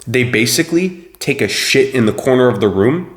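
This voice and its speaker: Young male host, profane motivational rant, mid-pitched voice, roomy echo. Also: expressive, moderate pace. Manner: blunt, swearing, preachy and forceful. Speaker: self-improvement video host.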